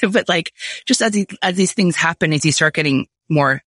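A woman's voice: low voice, normal speed, a bit bright, no echo, clean studio sound. A woman hosting a podcast interview, chatty and casual, with many "like" fillers. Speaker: podcast host.

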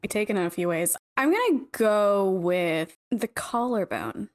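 A woman co-hosting a podcast in casual chat, playful and quick to laugh. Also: medium pitch, expressive. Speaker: podcast co-host.

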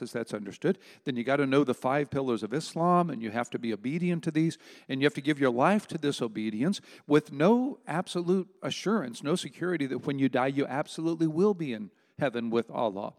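A man's voice: medium pitch, a little mellow, big-room sound. A man preaching a sermon, emphatic and conversational, with rhetorical asides to his listeners.

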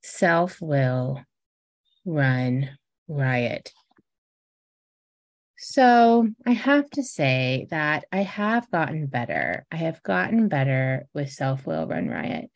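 A woman in her forties talks to her listeners as a podcast host, with a low voice. She takes her time, circling back and restarting phrases as she shares personal reflections in an earnest, conversational way. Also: big pitch swings, slow pace, gravelly, few pauses, lo-fi sound. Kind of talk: reflective casual podcast monologue.

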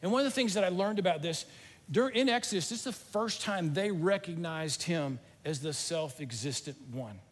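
A man's voice: sits high, expressive, normal speed, big-room sound. A middle-aged man, teaching a sermon in a folksy, self-deprecating, conversational way. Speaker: church teacher.

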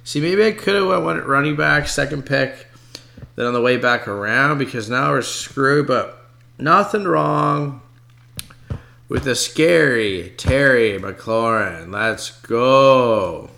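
A man giving casual, excitable commentary on his own fantasy football draft, talking to his viewers as folks and swearing when picks go against him. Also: medium pitch, slow pace, creaky.

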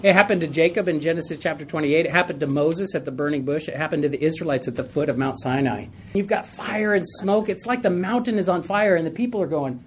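Man teaching a lively Bible study. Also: a little high, fast talker, slight background noise. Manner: conversational, asks the group questions, tells stories with laughs.

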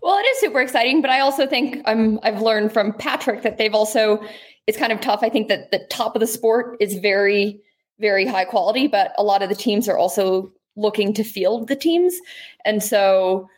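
A woman's voice: mid-range voice, normal speed. A young adult woman, a guest athlete, giving modest, hesitant answers in a casual interview.

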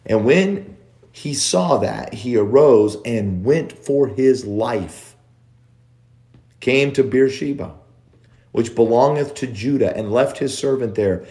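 Male preacher, very slow and emphatic, stacks repeated phrases, middle voice. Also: medium pitch, darkish tone. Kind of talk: sermon.

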